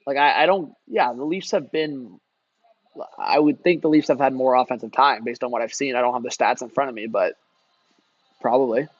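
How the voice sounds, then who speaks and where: A man's voice: mid-range voice, moderate pace, no room sound, lo-fi sound. A young man doing casual live-stream hockey commentary, chatting loosely and answering his viewers. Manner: chatty, reads and answers chat, lots of "like" and "man".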